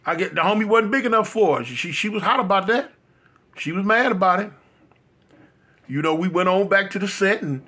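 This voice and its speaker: A man with a gravelly, high-set voice spins a casual street story. His tone is bright and edgy, and he talks in a laid-back, rambling way, circling back over his own phrases. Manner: laid-back, rambling, slang-heavy, repeats himself.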